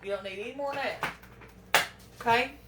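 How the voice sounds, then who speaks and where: This is a chatty cooking demonstration by a home vlogger who talks briskly in a slightly high voice. She keeps up folksy conversation with viewers, fretting as she fumbles, while the far-off recording in her echoey kitchen is very noisy with clanging pans.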